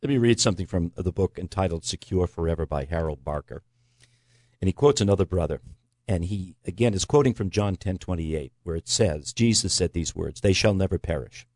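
A man in a conversational Bible teaching talk, earnest and emphatic, slowing down to stress key words. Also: low-pitched, lively intonation, a little mellow, no room sound, clean studio sound. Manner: earnest, emphatic preaching cadence with slow stresses.

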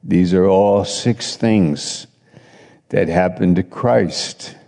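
Slow-talking male preacher in a reverberant hall. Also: sits low, vocal fry, mellow. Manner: conversational storytelling preacher, voices others in quotes. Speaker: pastor. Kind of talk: sermon.

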